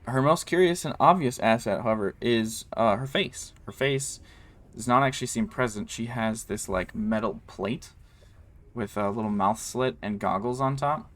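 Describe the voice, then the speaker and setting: A man's voice: mid-range voice, normal speed, a bit bright. A man running a tabletop game as game master, narrating in a loose, rambling way full of ums and likes.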